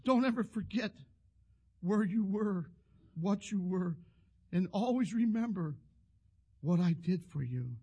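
Husky-voiced preacher telling a story. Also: male voice, sits high, animated, unhurried, pauses often, dark tone, dull audio. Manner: storytelling with restarts and repeated words. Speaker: pastor. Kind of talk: sermon.

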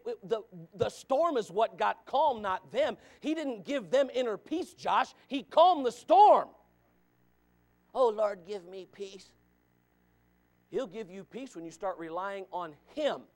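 Pastor, male, high-pitched; fervent preaching style that repeats and addresses listeners. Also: expressive, moderate pace, creaky, few pauses. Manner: emphatic, repeats lines, calls out listeners by name. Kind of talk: sermon.

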